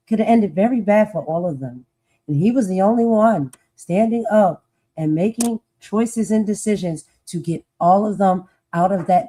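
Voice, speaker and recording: A woman's voice: lowish voice, warm tone. A woman panelist speaking earnestly on a live panel, defending another speaker.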